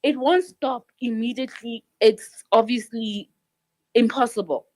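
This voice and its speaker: A woman's voice: on the high side, a little slow, darkish tone. Frustrated woman pleading. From South Africa. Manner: frustrated, pleading, repeats herself. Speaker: caller in a live audio chat room. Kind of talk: emotional spontaneous speech.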